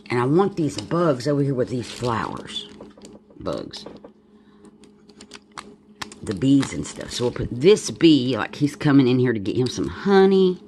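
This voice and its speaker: In a rumbling low, dark-toned voice with a little hiss or hum, a woman with a Southern accent chats while crafting a journal at home. Her talk is casual and rambling, full of thinking aloud and asides.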